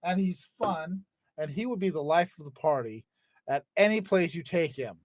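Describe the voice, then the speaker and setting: A man's voice: a little high, expressive, normal speed, crowd noise. A man hosting a podcast, telling a story in a profane, joking way. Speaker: podcast host. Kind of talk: casual chat.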